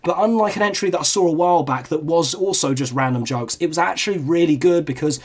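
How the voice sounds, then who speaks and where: A young man talks through his reviews in a loose, candid way, cursing freely as he goes. His voice sits a little higher than most men's. The tone is casual chat, like a long reaction commentary. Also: fast talker. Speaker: video reviewer.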